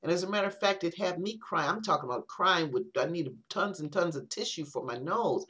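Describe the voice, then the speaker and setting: A woman poet, a guest on an interview podcast, talking reflectively in casual conversation, with many halting restarts. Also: lowish voice, fairly bright tone.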